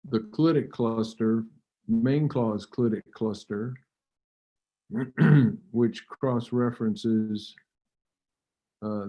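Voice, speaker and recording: A man giving an academic lecture, measured and halting, with fillers and occasional throat clearing. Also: mid-range voice, warm tone. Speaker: linguistics lecturer. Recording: dull lo-fi recording.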